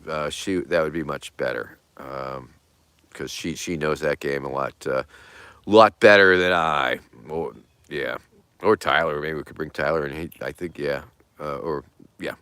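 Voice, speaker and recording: A middle-aged man with a low, deep voice hosts a casual livestream. He meanders from thought to thought, swears freely and lets his phrases drop away to near-mutters. The sound is dry and close to the mic. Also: fairly even intonation, moderate pace, smooth, no echo. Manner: profane, meandering, trailing off softly. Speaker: livestream host. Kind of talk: rambling casual livestream chat.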